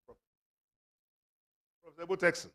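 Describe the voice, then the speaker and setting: A man's voice: measured pace, fairly bright tone, a little hiss or hum. A man auctioneering at a book launch, teasing buyers and laughing often. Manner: jovial, teasing, bursts of laughter. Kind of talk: lively fundraising banter. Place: event hall.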